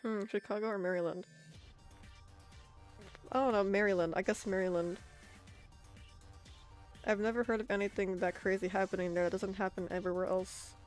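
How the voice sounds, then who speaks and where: A woman's voice: mid-range voice, steady tone, moderate pace, long pauses. Woman, American, art streamer, casual rambling chat, frequent laughs, faint music behind. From United States. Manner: chatty, laughs often, rambling asides.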